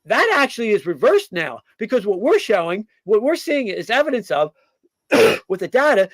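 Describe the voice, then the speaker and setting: A man with a high voice holds forth in an opinionated political monologue, stumbling through ums and false starts as he goes. The sound is dry and close, with no room around it. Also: big pitch swings, normal speed, dry recording. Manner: rambling, many fillers and restarts; acts out quoted figures in mock voices. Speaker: podcast host.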